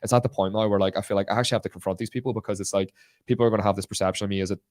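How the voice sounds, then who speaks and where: A man with a Northern Irish accent telling a rambling, animated story in casual podcast chat. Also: fairly low pitch, very fast, no echo. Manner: rambling, animated anecdote with many restarts and fillers. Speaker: podcast guest, content creator.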